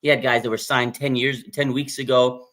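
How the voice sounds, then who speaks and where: A man hosting a live fan reaction stream in a casual, excitable way, laughing and ranting with his voice jumping up when he gets hyped. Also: mid-range voice, normal speed. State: has a bloody nose. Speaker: sports fan livestream host.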